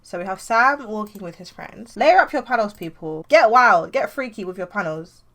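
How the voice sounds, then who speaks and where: A woman's voice: medium pitch, lively intonation, moderate pace, a bit bright. A young woman comic artist, chatting loosely through her page planning and filling her talk with "like". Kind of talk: casual tutorial vlog.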